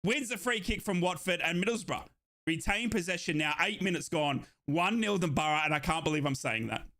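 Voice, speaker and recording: A young man giving excited fan commentary on a live football match, shouting in euphoric bursts and out of breath. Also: fairly high pitch, a little fast. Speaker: fan watchalong streamer.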